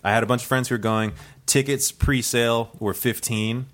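A man's voice: mid-range voice, steady tone, normal speed, a bit bright. A man telling a true story as a comedy podcast guest, rambling and full of fillers, often breaking into laughter.

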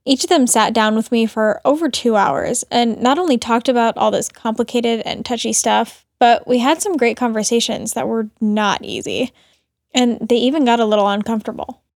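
A woman who hosts a podcast and works as a cook, narrating in a measured, reflective way. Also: on the high side, no echo, clean studio sound.

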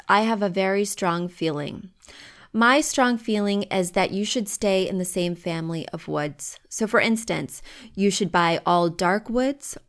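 A woman hosting a home-decor advice podcast from home, chatty and emphatic with firm opinions. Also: mid-range voice. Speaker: podcast host.

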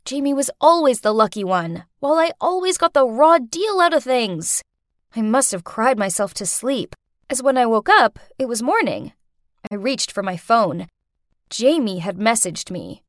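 A woman's voice: fairly high pitch, very animated, moderate pace, no echo, studio quality. A woman narrating a first-person story as an exasperated teenage girl, with a dramatic delivery.

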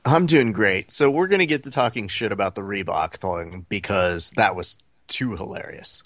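A man with a lower voice tells a story on a podcast, casual and animated, and jumps into the other people's lines as he goes. The sound is dry and close to the mic. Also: normal speed, no echo. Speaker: podcast co-host.

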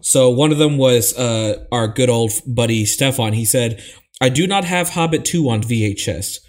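A man's voice: mid-range voice, normal speed, darkish tone. Male podcast host running the segments. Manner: friendly, reads listener comments aloud, keeps the show moving. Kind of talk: casual chat.

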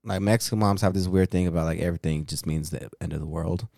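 A man in his thirties with a low voice chats on a podcast. He tells stories in an animated way, with lots of swearing and filler "likes". The sound is dry and close to the mic. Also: quick pace, gravelly, no room sound. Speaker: podcast co-host. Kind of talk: casual chat.

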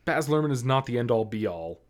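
A man's voice: medium pitch, expressive, fairly quick. A man co-hosting a movie review chat, talking casually with lots of fillers and restarts. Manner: rambling, filler-heavy, many likes and ums. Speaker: movie review podcast co-host.

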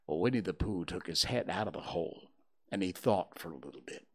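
A man reading a children's story aloud in a gentle, storytelling manner. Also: low voice, animated, a little fast.

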